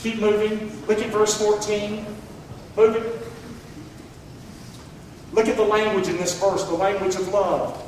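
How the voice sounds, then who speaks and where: A man's voice: sits high, flat delivery, unhurried, long pauses, a little mellow, a little hiss or hum. A middle-aged man preaching a sermon as pastor, emphatic and calling on the congregation to answer back. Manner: emphatic, calls for congregation responses. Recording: echoey church hall recorded from far off.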